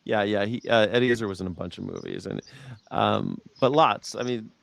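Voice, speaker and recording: A man's voice: on the low side, brisk, creaky. Rambling male livestream host. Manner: rambling, reads viewer comments aloud. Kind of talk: casual political chat.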